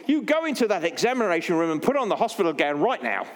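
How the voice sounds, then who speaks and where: A man voicing a stern, gruff female receptionist who barks orders loudly, with a long church reverb. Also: sits high, big pitch swings, quick pace. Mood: stern barking. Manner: barking, loud and stern. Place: church hall.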